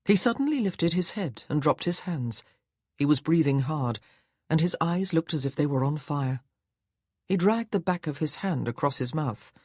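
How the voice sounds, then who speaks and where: A man narrating a historical romance audiobook in a measured, even storytelling manner. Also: fairly high pitch, breathy edge, no room sound, studio quality. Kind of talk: scripted narration.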